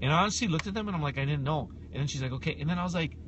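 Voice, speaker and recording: A man co-hosting a casual podcast, telling a story with lots of energy, acting out both sides of the talk and sometimes breaking into shouts. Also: fairly high pitch, racing, noisy background. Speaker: podcast co-host.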